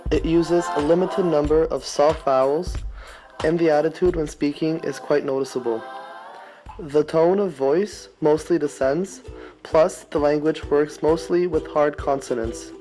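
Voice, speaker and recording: A man narrating an educational piece in a measured, explanatory reading style. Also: a little high, warm tone, soft background music, low-quality recording.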